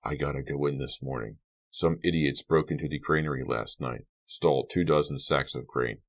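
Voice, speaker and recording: Man playing a flat, gruff middle-aged cop dad, very low voice, deadpan. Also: normal speed, full character voice. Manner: flat, matter-of-fact.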